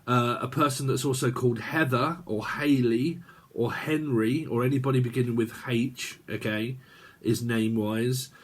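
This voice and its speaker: A man's voice: mid-range voice, fairly even intonation, normal speed, husky. A man giving a casual tarot reading, rambling from one idea to the next with many fillers. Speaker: tarot reader.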